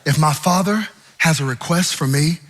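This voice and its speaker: A preacher voicing a humble young shepherd. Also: male voice, fairly high pitch, normal speed, heavy background noise, pitched below the performer's own voice, lightly acted. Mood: humble, obliging. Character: humble young male shepherd, obliging and earnest.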